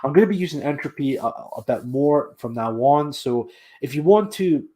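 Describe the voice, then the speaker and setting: A man's voice: on the high side, lively intonation, moderate pace, mellow. A man hosting a casual livestream, talking in a rambling way, repeating himself and making scornful asides. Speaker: livestream host.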